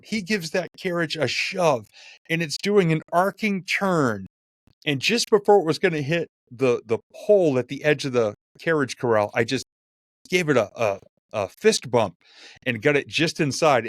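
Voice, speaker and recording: A man, a keynote speaker, telling lively stories in a podcast conversation and acting out the quotes. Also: mid-range voice, moderate pace, dry recording, studio quality. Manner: animated, acts out quotes and jokes.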